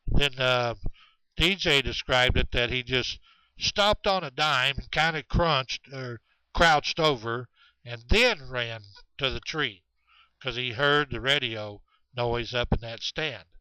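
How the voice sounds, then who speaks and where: Slow, halting man telling campfire-style tales. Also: medium pitch, pushed and bright, clear, resonant tone, no room sound. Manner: slow, halting, many fillers and restarts. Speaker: storyteller of Bigfoot encounters. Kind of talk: rambling spoken storytelling. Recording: dull, muffled recording.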